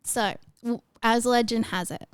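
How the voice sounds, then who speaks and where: A woman's voice: a little high, steady tone, a little slow, smooth, no room sound, studio quality. A young woman with an Australian accent co-hosting a casual podcast, rambling and hesitant as she explains. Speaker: podcast co-host. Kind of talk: casual chat.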